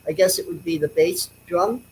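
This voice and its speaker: A male musician speaking as a guest in a casual interview, halting and restarting his words often. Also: high-pitched, a little hiss or hum, low-quality recording.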